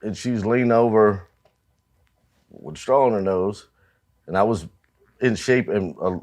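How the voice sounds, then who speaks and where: A man's voice: lowish voice, measured pace, darkish tone. A man, a musician guest, chatting casually in an interview and swearing freely as he tells stories about touring. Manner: profane, storytelling, laughs at own anecdotes.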